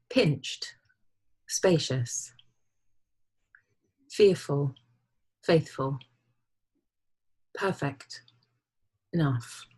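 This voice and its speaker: Slow, soft-spoken husky woman. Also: sits low. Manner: gentle, soft-spoken, unhurried. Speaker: podcast co-host. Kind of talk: slow reflective reading of her own poem.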